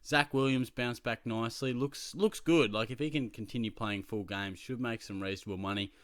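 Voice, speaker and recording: An Australian man chatting casually as a fantasy football vlogger, telling stories in an animated way and laughing often. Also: medium pitch, fairly quick, no echo. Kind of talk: casual chat.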